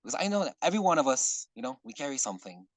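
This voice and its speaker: A man leading an online workshop in casual talk, earnest and rambling, often clearing his throat. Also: mid-range voice, big pitch swings, very fast, dry recording, low-quality recording. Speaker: workshop facilitator. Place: online video call.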